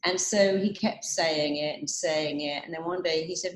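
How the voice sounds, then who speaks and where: Woman speaker, lowish voice, anecdotal motivational delivery, roomy echo. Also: fairly even intonation, normal speed, slight background noise. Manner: warm storytelling, quoting clients, repeating affirmations. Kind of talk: motivational talk.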